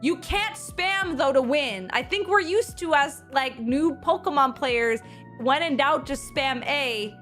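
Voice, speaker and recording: Young woman, high voice, very animated, streaming story chat. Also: soft background music. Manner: animated, laughing, quick restarts and quoted voices. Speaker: streamer recounting an event. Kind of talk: casual livestream storytelling.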